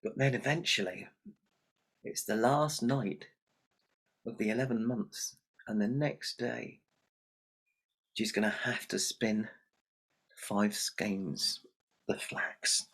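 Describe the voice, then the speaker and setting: Husky male storyteller. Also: fairly low pitch, slow pace, pauses often. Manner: lively, chatty, addresses the audience. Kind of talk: oral folk tale telling.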